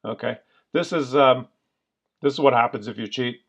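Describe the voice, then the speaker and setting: Over gameplay footage, a man offers casual commentary in a mid-range voice at normal speed. His tone is creaky and a bit bright, with the highs cut off, and he rants in exasperation, using plenty of fillers.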